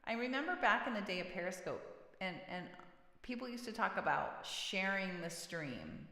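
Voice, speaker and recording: A woman's voice: medium pitch, sing-song, moderate pace, bright, forceful tone. A woman hosting a casual music livestream, chatting with viewers, reading their comments aloud and laughing often. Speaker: singer-songwriter livestream host. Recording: roomy with long reverb.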